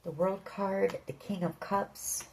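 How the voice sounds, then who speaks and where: A woman's voice: mid-range voice, steady tone, slow pace, a little mellow, a little hiss or hum, rough recording. A woman giving a tarot reading, speaking earnestly and directly to the listener. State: emotional. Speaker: tarot reader.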